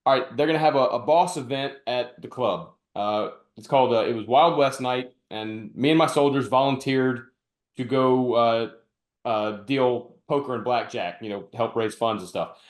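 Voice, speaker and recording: A man hosts a laid-back podcast chat and tells his army stories with gusto, slipping into the voices of the people he quotes. His voice sits at an ordinary pitch, and the room gives it a noticeable echo. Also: moderate pace. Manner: animated anecdote telling with acted-out quotes. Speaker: podcast host and retired army officer. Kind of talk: casual storytelling conversation. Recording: roomy echo.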